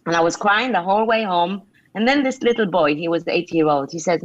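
A middle-aged woman author answering interview questions with earnest, conversational advice, filling pauses with "you know". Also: fairly low pitch, expressive, dry recording. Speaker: author and leadership speaker. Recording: dull lo-fi sound.

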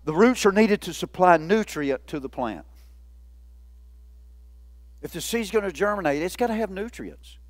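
Folksy, high-voiced man preaching. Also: animated, normal speed, long pauses, no room sound. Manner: folksy, playful, laughs often. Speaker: pastor. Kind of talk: sermon. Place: church.

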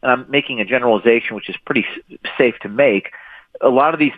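A man's voice: medium pitch, quick pace, dry recording. A man being interviewed as an author, answering emphatically and often repeating and restarting words. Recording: thin phone-line audio.

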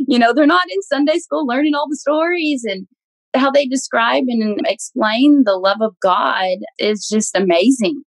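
A woman's voice: fairly high pitch, measured pace, no echo, poor audio. Laughing, earnest young woman guest. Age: young adult. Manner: laughs often, warm and earnest. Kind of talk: casual interview talk.

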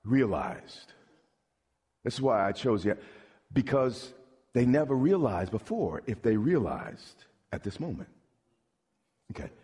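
A man's voice: medium pitch, big pitch swings, measured pace, long pauses, a little mellow, breathy edge. A middle-aged man preaching a sermon as pastor, emphatic, with call-and-response questions to the congregation and stammered repeats. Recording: long reverb of a large hall.

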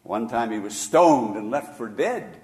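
An older man preaches in a church sanctuary with long reverb trailing his words. His voice sits mid-range, dropping to a hush for stories, then rising loud and emphatic to exhort. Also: mid-range voice, expressive, measured pace. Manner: swings from hushed storytelling to loud emphatic preaching. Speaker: pastor. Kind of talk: sermon.

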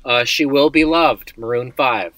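A man's voice: mid-range voice, unhurried, pushed and bright, dry recording. A man co-hosting a casual podcast chat, joking dryly and laying out the rules of a word game. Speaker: podcast co-host.

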